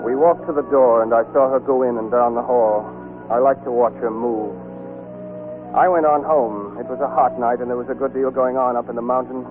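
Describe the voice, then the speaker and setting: A man playing a quiet young officer-narrator. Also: medium pitch, steady tone, a little fast, close to an everyday voice. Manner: quiet, understated, reflective narration. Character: reserved young American ambulance officer narrating. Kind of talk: 1940s radio acting. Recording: tinny old radio broadcast with music.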